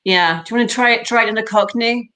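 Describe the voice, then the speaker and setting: A woman, an actress and accent coach, chatting warmly as a guest and often repeating words as she thinks. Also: on the high side, quick pace. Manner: warm, chatty, repeats herself while thinking. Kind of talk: casual interview chat.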